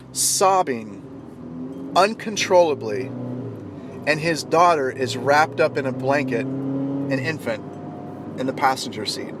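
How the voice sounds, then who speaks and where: A man telling a motivational story in an animated way, acting out the shouting voices of the people in it. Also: fairly high pitch. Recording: clear traffic noise.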